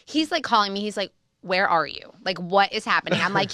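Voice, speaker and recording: Animated, bright-voiced woman telling a story. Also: mid-range voice, a little fast. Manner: animated, swearing, lots of "like". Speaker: podcast guest. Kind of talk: casual storytelling chat.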